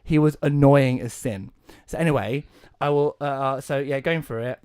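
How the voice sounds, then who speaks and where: A man co-hosting a casual podcast chat, ranting in an animated way and swearing a lot. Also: medium pitch, normal speed, smooth, dry recording, studio quality. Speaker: podcast co-host. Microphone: podcast mic.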